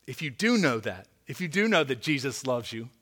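A man preaching a sermon as pastor, earnest and pleading, dropping to a hushed voice for emphasis. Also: medium pitch, sing-song, fairly quick.

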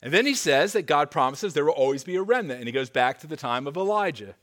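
A man's voice: fairly high pitch, animated, fast, fairly bright tone. A man, a pastor, preaching a sermon in a church. He reads scripture with emphasis, then slips into casual asides with stammered restarts. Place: church sanctuary.

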